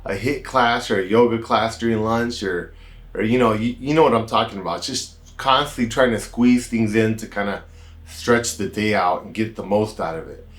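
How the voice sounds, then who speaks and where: Doctor with an American accent, lower voice, loose chatty storytelling. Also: male voice, normal speed. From United States. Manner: relaxed, rambling, with many "kinda" and "you know" asides. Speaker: doctor hosting a health channel. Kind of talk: casual storytelling to camera.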